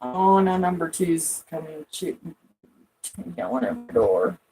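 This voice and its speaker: A woman's voice: deep voice, very animated, takes it slowly, warm tone, low-quality recording. A woman vlogging from home in casual rambling chat, swearing a lot and laughing often.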